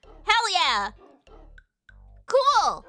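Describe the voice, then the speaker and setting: Chatting casually on her livestream, a woman with a high, bright voice lets her thoughts tumble out, stuffed with "like," casual curses, and animated squeals. She draws out her words, faint music plays softly in the background, and there's no room sound.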